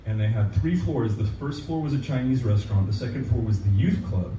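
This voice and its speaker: A man, a musician guest, telling a story in a casual, animated way and acting out the dialogue. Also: on the low side, brisk. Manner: animated, acts out quoted dialogue. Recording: echoey room, distant mic, noisy.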